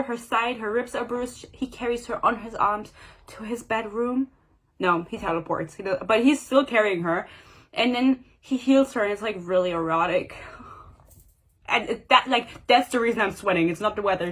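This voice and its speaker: A woman's voice: on the high side, animated, normal speed, a bit bright. A young woman giving a casual, sarcastic book rant with dramatic asides. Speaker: book reviewer.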